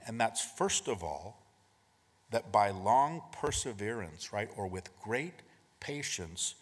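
A man preaches a sermon in a mid-pitched, faintly husky voice, speaking conversationally and tossing in rhetorical questions. He swings between emphatic points and hushed asides. His voice rings out in a hall with a long reverb tail. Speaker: pastor.

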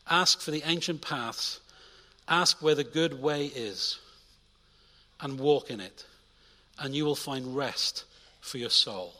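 A young adult man preaching a sermon in a church, energetic, swinging between loud urging and quiet intimate asides. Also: medium pitch, slow pace, big-room sound. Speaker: pastor.

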